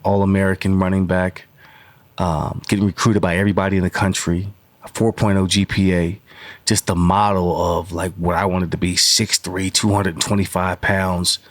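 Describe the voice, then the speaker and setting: A man's voice: low-pitched, level tone, moderate pace, no echo. A man in his forties, a podcast guest, telling stories in a rambling way with many fillers. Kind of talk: casual storytelling interview.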